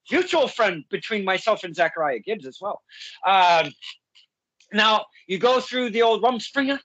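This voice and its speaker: Man, high bright voice, rambling chatty host, dry close sound. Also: expressive, slow, dry recording, lo-fi sound. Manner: rambling, chatty, self-correcting with fillers. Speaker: podcast host. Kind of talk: casual interview chat.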